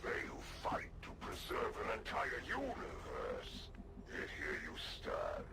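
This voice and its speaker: An actor playing a menacing alien villain from a video game, speaking in grand, contemptuous taunts. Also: male voice, rumbling low, wildly swooping pitch, slow pace, vocal fry, heavy background noise, exaggerated voice. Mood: scornful.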